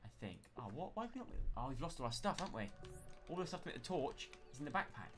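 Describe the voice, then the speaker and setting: A man with a West Country accent giving live, chatty commentary as he plays a game, narrating every move and breaking into panicked yells when things go wrong. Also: mid-range voice, quick pace, music in the background. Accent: West Country English. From West Country of England. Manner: chatty self-narration, bursts into panicked yelling. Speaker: game streamer. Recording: steady background noise under the voice.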